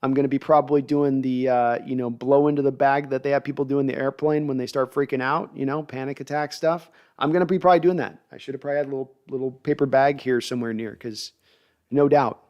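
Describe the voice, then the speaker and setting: Middle-aged male streamer host, animated, rambling, reading viewer chat live. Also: mid-range voice, quick pace, lo-fi sound. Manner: animated, hyped, rambling with restarts.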